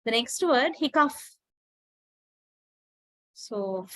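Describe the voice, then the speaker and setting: A woman teaching a class, slowly and deliberately repeating words to drill pronunciation. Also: fairly high pitch, animated, fairly bright tone, no echo, rough recording. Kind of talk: classroom lecture.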